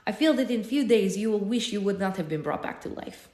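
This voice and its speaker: A hoarse woman voicing a secretive, guilt-ridden female nurse in a plain read-aloud, low-key and earnest. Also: animated, a little fast, warm tone, lightly acted. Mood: grave. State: hoarse, losing her voice. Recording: roomy echo.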